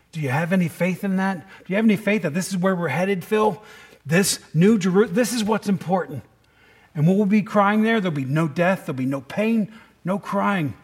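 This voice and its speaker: A middle-aged man preaching a sermon in a conversational way, often asking the congregation questions. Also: sits high. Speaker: pastor.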